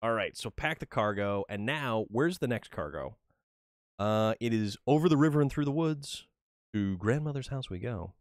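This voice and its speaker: A man's voice: mid-range voice, lively intonation, moderate pace, no echo, clean studio sound. A man from New England giving casual, joking commentary on his gameplay during a livestream, often repeating words as he starts a sentence. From New England, USA. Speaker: livestream gamer.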